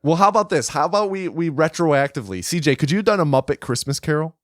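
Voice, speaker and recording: A man's voice: fairly high pitch, animated, fast, no room sound, studio quality. A man co-hosting a casual film podcast, laughing often and drawing out his asides. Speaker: podcast co-host.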